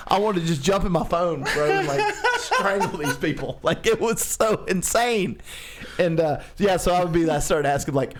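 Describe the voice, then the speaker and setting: Male podcast co-host, high voice, excitable storyteller, casual and profane. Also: normal speed. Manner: animated storytelling, swearing, laughing often. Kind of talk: casual chat.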